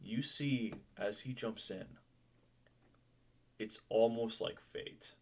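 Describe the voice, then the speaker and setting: A man's voice: lowish voice, steady tone, slow, darkish tone, a little hiss or hum. A young man running a tabletop game as game master, chatty and loose, laughing and swearing casually.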